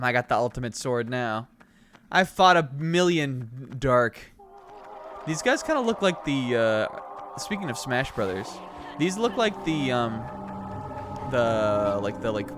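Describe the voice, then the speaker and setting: A young man with a medium-pitched voice casually narrates the game he's streaming, rambling with many fillers and laughing asides and reacting excitedly to what he sees on screen.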